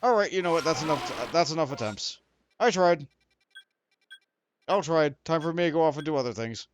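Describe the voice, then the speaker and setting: A man's voice: on the high side, expressive, a little fast, a little hiss or hum. A young man streaming a video game, rambling and poking fun at himself while he talks to the creatures on screen. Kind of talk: let's play commentary.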